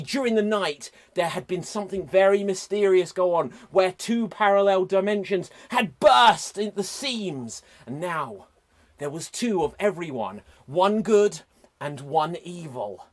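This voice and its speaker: A man improvising an over-the-top dramatic story, swinging from hushed narration to shouts. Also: sits high, animated, unhurried. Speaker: improv performer. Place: live online improv show.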